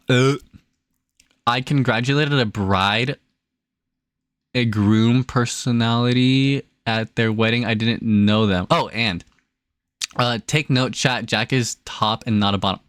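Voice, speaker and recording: A young man chatting casually on a livestream, rambling and excitable with many restarts. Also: medium pitch, slow pace, no room sound. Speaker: streamer.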